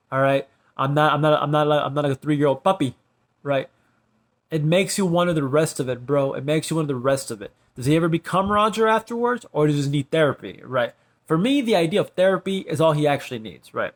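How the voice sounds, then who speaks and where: A man's voice: on the high side, fairly quick. Rambling man peppering talk with "bro". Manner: rambling, repeats "bro" and "right" constantly. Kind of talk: rambling monologue to camera.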